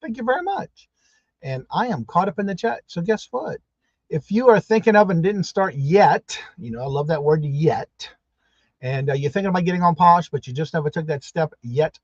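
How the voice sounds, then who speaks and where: A man hosting a live stream, warmly greeting each viewer by name in an upbeat, repetitive way. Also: high voice, lively intonation, moderate pace, dry recording, lo-fi sound. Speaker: livestream host.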